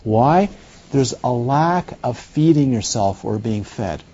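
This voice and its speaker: Mellow, lively-voiced male meditation teacher. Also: mid-range voice, muffled recording. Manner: unhurried, playful, asks the listeners questions. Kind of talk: dharma talk.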